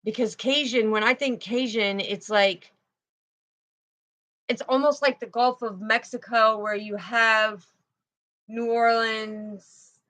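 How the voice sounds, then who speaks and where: A woman with a slightly high voice gives a casual spiritual tarot reading. She rambles from thought to thought, repeats words as she restarts, and tags her sentences with "right?" or "okay." The talk stays loose and unscripted. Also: fairly even intonation, slow, pauses often, a bit bright. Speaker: intuitive tarot reader.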